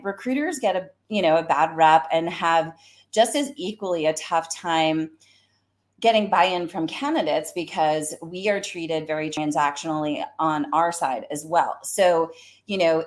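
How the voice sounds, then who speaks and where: A woman with a slightly low voice and a Southern US accent, hosting a live career-advice stream on her own. She talks as a recruiter, chatty and fired up, with plenty of fillers along the way. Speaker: host, recruiter.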